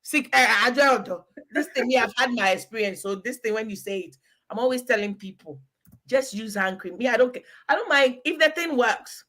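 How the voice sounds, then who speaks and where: A woman from Ghana with a slightly high, fairly bright voice chats casually at a brisk, animated clip. She gives relationship advice emphatically and calls out to a listener by name.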